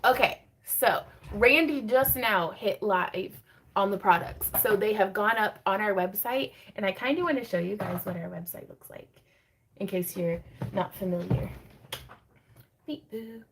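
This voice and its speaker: A woman's voice: mid-range voice, normal speed, a bit bright, a little hiss or hum. A woman, hosting a casual livestream sale from her home craft room, chatty and rambling, reading viewer comments and laughing often.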